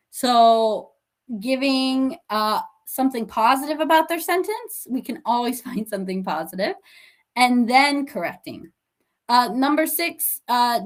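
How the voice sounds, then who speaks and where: A woman presenting an online webinar for teachers, friendly and encouraging, with frequent fillers and short acted-out classroom examples. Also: on the high side. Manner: acts out teacher and student lines. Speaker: teacher trainer.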